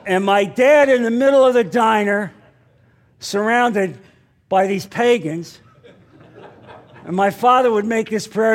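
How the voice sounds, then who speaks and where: A man's voice: sits high, a little slow, long pauses. A man preaching a sermon in an emphatic way, repeating lines and putting questions to his listeners. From New Jersey.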